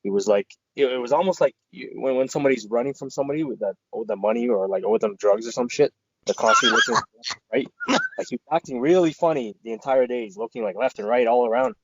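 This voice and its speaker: A man's voice: medium pitch, wildly swooping pitch, fast talker, lo-fi sound. A man co-hosting a podcast, telling a rambling, profane story in casual chat and quoting his friends. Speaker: podcast co-host.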